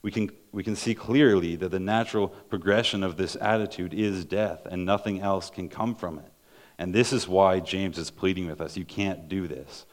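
A male preacher delivers a sermon in a very low voice. He talks earnestly, reads verses aloud and often doubles back on his words as he explains them. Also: normal speed.

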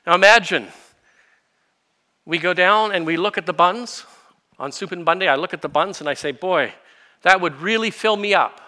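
A man preaching a sermon, explaining scripture with everyday illustrations and rhetorical questions, swinging from quiet asides to fervent emphasis. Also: high voice, normal speed, pauses often. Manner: expository preaching, builds to impassioned emphasis then drops to quiet. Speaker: pastor.

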